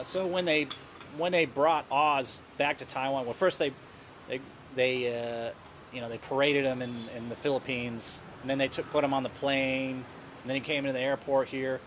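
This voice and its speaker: Male guest, Southern US accent, mid pitch, rambling casual talker, noisy restaurant audio. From southern United States. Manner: rambling, repeats words while thinking. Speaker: guest, news editor. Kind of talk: casual interview chat. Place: Indian restaurant.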